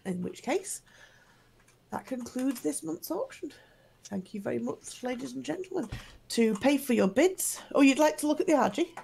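A woman hosting a livestream auction in a brisk, chatty way. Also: high voice, animated, vocal fry, dark tone, a little hiss or hum. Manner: brisk, chatty, laughs easily. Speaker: auction host.

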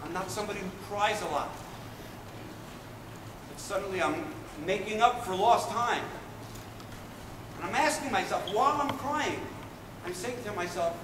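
A man performing an earnest Israeli paratrooper recalls his story in a slightly high voice, moving from urgent loud passages to hushed emotional ones. He is heard from far off in a large hall with a long echo, and a faint room hum sits under him. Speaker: stage performer. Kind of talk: dramatic first-person monologue.

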